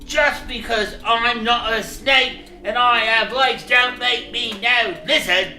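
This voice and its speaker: A narrator voicing a snarky, argumentative male creature lurking under a bridge in a storybook reading, with rough, ungrammatical talk. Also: mid-range voice, expressive, takes it slowly, bright, forceful tone, echoey room, a little hiss or hum, voice pushed up.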